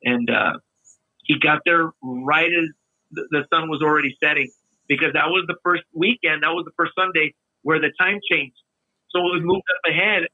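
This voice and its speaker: A man chatting casually as a podcast guest, relaxed and storytelling, often trailing off mid-sentence. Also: a little high, normal speed, no room sound. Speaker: guest videographer. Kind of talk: casual chat. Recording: tinny phone-like line.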